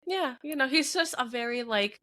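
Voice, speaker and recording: A young woman co-hosting a casual podcast chat, telling lively stories and mimicking her husband with frequent laughs. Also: high-pitched, normal speed. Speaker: podcast co-host.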